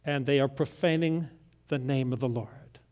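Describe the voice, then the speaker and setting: A man pastor preaching a sermon, deliberate, swinging between loud emphasis and hushed lines. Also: mid-range voice.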